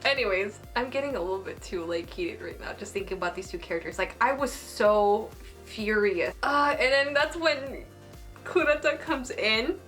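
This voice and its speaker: A woman's voice: fairly high pitch, moderate pace, faint music behind. Gushing young woman reviewing an anime. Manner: gushing, excitable, heavy use of "like". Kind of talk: casual excited episode review.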